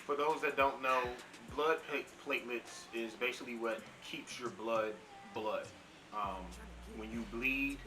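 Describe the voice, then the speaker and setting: A man explaining things casually to viewers in a relaxed, plain way. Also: fairly low pitch, far from the mic, poor audio. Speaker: co-host, husband.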